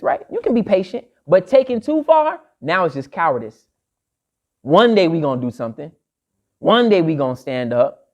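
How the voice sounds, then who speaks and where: A man's voice: fairly high pitch, sing-song, moderate pace, darkish tone. A man lecturing to a live audience, emphatic and repeating his key phrases like a refrain. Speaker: speaker addressing an audience.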